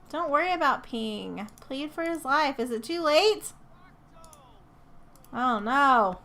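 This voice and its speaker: A woman's voice: high voice, lively intonation, takes it slowly, long pauses, sharp tone. A woman hosting her gaming channel, giving casual let's-play commentary, chatty and prone to laughing as she coaxes her game characters along.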